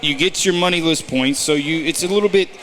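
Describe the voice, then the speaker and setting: A man's voice: a little high, brisk, a bit bright. A man co-hosting a golf podcast in casual chat, giving betting picks and teasing his partner with stop-start banter.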